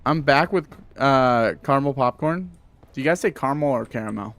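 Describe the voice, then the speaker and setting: A man's voice: medium pitch, moderate pace, a bit bright. A young man chatting casually while streaming a game, rambling with lots of fillers and answering chat. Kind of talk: casual gameplay livestream chat.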